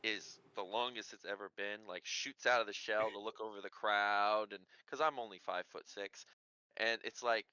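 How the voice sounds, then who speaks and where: A chatty man at a tabletop game describes his character out loud. His voice is low and bright, dry and slightly dull, like a lo-fi mic. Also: steady tone, normal speed, clear, resonant tone, dry recording. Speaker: player. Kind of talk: casual tabletop play.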